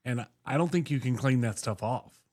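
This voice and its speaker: Oklahoma dude, dry and doubtful, middle voice, podcast chat. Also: male voice, mid-range voice, normal speed, darkish tone. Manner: dry, skeptical. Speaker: podcast co-host. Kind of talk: casual banter.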